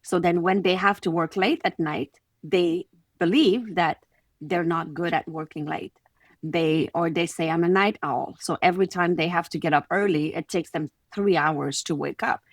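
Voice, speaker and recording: Quebec French-accented woman, podcast guest coach, lowish voice, close and dry, animated storyteller. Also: normal speed, dry recording. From Quebec City, Canada. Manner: animated, acts out little scenes in quoted voices. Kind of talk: conversational podcast interview.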